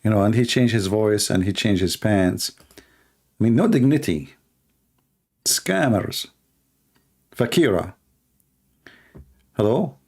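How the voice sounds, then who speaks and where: A man's voice: on the low side, animated, slow pace, long pauses, a little mellow, husky. A man hosting a live call-in debate stream, mocking and taunting his caller between bursts of laughter.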